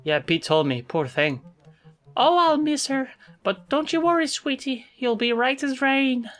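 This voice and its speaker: Woman putting on a syrupy, high-voiced old busybody. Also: sing-song, a little slow. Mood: sweetly cheerful. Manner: syrupy, condescending, calls everyone sweetie. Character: sugary, sharp-tongued older woman coworker. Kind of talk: voicing game dialogue in a let's play.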